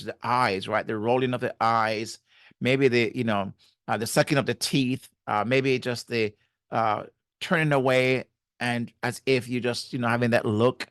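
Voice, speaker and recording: Earnest guy doing a marriage advice talk, mid-pitched voice, dry close sound, lots of "right?" and "you know". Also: a bit bright, no room sound. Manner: earnest, repeats key phrases, many fillers. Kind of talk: faith-based advice talk.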